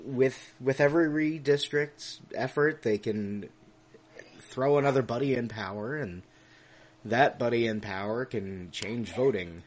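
A man's voice: mid-range voice, unhurried. A man co-hosting a podcast in casual political chat, ranting with plenty of swearing, laughing often and tripping over his words. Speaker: podcast co-host.

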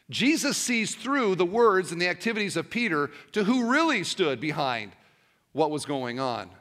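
A man's voice: high-pitched, very animated, normal speed, fairly bright tone, big-room sound. A male pastor preaching a sermon, telling a story and asking rhetorical questions.

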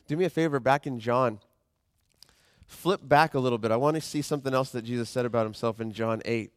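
A man's voice: mid-range voice, no echo. A man preaching a sermon in a plain, conversational tone with a mid-range voice. He acts out quoted voices as he goes. The sound is close and dry. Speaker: pastor.

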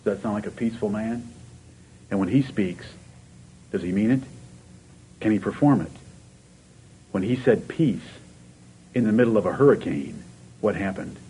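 A man's voice: fairly low pitch, animated, normal speed, long pauses, warm tone, slight background noise, rough recording. A man preaching a sermon, asking the congregation question after question and rising to fervent emphasis.

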